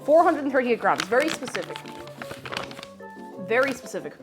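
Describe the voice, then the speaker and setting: A woman's voice: on the high side, big pitch swings, normal speed, music in the background. A woman streaming herself baking, chatting casually and greeting viewers by name. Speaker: baking livestreamer. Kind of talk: casual chat while baking.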